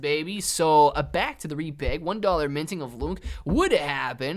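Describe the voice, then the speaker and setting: A man's voice: fairly high pitch, lively intonation, moderate pace, hardly any pauses. Male livestream host, easygoing and chatty, reads chat aloud between casual market talk. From Ohio, USA. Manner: laid-back, reads chat aloud, calls viewers man and dude.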